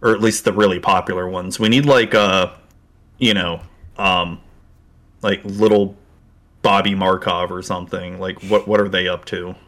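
A man co-hosting a podcast in casual chat, relaxed and self-deprecating, joking often. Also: deep voice, moderate pace. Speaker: podcast co-host. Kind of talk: casual chat about a card game.

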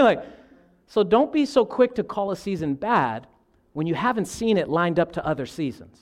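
A man, preaching a sermon with animated delivery and calling the congregation "y'all.". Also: high-pitched, fairly quick. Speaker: pastor.

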